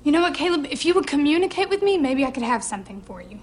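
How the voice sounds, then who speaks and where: An actress playing a wife arguing with her husband in a short video drama, exasperated and sharp. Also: high voice, sing-song, fast talker, noisy background.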